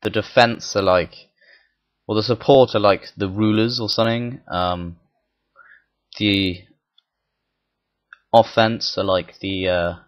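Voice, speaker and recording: Low-voiced man rambling over gameplay. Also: fairly even intonation, takes it slowly, pauses often. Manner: meandering, thinks aloud, crude jokey asides. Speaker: gaming channel host. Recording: dull lo-fi mic.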